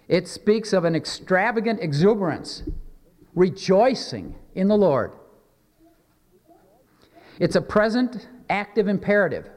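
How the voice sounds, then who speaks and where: A man delivers a sermon in a somewhat high voice, earnest and measured, leaning into slow, emphatic readings of scripture. His voice rings out with a long reverb, recorded in a church sanctuary. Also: darkish tone. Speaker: pastor.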